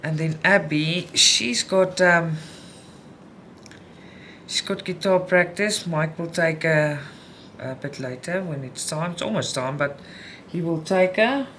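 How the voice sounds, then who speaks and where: A middle-aged woman vlogging about cross-stitch at home, upset and frustrated, venting in a halting way with many restarts. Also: lowish voice, fairly bright tone, a little hiss or hum. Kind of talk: casual chat while stitching.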